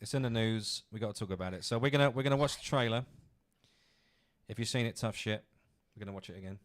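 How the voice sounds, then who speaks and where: A man's voice: on the low side, quick pace. Blunt, sweary man ranting about movies. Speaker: co-host of a movie news livestream. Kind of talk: casual chat.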